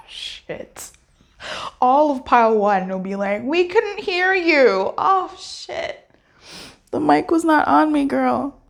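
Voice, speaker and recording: A woman's voice: on the high side, vocal fry. Candid swearing woman reading tarot. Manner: candid, swears, laughs, addresses viewers directly. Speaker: tarot reader.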